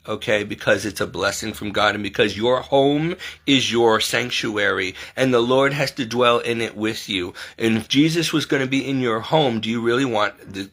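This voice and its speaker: A man with a bright, forceful voice speaks off the cuff in a heated monologue. He presses his points hard and keeps asking rhetorical questions, sometimes slipping into other people's voices to mimic them. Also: mid-range voice. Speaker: online commentary host. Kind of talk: unscripted monologue to camera.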